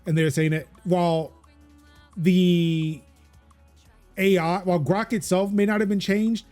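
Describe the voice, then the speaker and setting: A man's voice: sits high, steady tone, unhurried, a little mellow, faint music behind. A man hosting a casual tech podcast, rambling with many fillers and restarts. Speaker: podcast host.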